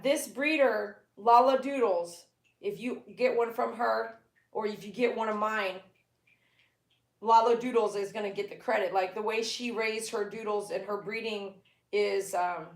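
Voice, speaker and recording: A woman, a pet groomer chatting casually on a live stream from her living room and cooing at her dogs. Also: echoey room. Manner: chatty, talks to her dogs in a high baby voice. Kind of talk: casual livestream chat.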